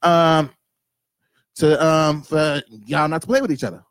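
A man's voice: fairly high pitch, fairly even intonation, unhurried, smooth, no room sound. A young adult man in heated casual podcast chat, cursing emphatically and talking over the others. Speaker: podcast co-host.

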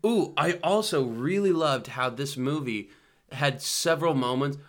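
A man's voice: mid-range voice, expressive, a little slow. A man in easygoing casual chat, cracking jokes with a friend. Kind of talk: casual chat about anime.

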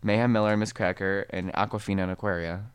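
A man co-hosting a casual chat, rambling and self-correcting as he talks, quick to laugh. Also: lowish voice, fairly even intonation, clean tone, no echo. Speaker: podcast co-host. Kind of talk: casual chat recapping a reality show.

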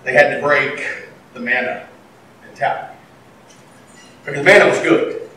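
A man preaching a sermon, animated, swinging between loud and quiet. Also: medium pitch, a little slow, slight background noise. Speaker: pastor. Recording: echoey hall, mic at a distance.

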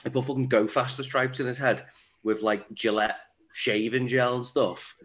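A man's voice: medium pitch, fairly even intonation, normal speed, a bit bright. Young man, mid voice, blunt prank-story teller. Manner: blunt, crude, laughs along. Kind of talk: casual chat.

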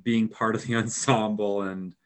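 A man's voice: fairly low pitch, flat delivery, normal speed. Rambling Minnesotan man. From Minnesota, rural area. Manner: rambling, many fillers and restarts. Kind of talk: casual film discussion.

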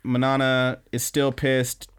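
A man co-hosting a casual podcast, retelling anime scenes with lively energy, jumping into squeaky character voices and cursing freely. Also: slow, smooth. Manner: animated storytelling, jumps into squeaky high voices for characters, swears freely. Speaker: podcast co-host.

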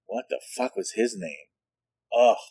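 A man's voice: medium pitch, huge pitch swings, unhurried, creaky, dark tone, dry recording. A man telling rambling, profane family stories in casual chat, laughing at his own jokes.

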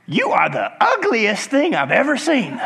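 A man putting on the voice of a rude pet-store parrot with a shrill, taunting squawk, told in a sermon joke. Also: huge pitch swings, a little slow, creaky, bright, forceful tone, exaggerated voice.

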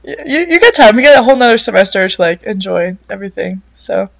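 A woman's voice: mid-range voice, expressive, fast talker, creaky, a bit bright, no echo, poor audio. A young woman guest in casual chat, giggly and teasing.

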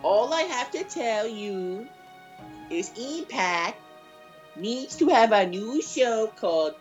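Someone doing a bratty cursing character, fake accent, winded, pitch all over the place. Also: expressive, slow pace, muffled recording, faint music behind. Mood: indignant. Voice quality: shrill and foul-mouthed. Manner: put-on accent, bickering and swearing. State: out of breath. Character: crude loudmouthed man called Mister Ping.

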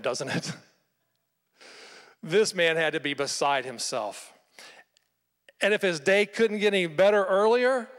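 A man delivers a sermon, retelling a scripture story with animated storytelling and frequent rhetorical questions. His voice sits slightly high for a man. It carries with a long reverb, as in a large hall. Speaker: pastor.

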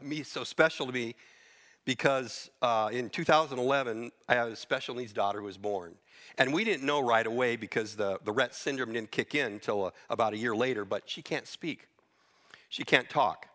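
A man's voice: mid-range voice, sharp tone. A middle-aged man preaching a sermon, teaching through Bible verses earnestly with occasional restarts.

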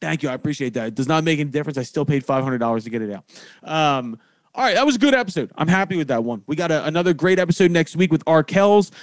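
A young man, hosting a podcast and telling profane, animated stories in casual chat. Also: fairly high pitch, fast talker, no room sound. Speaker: podcast host.

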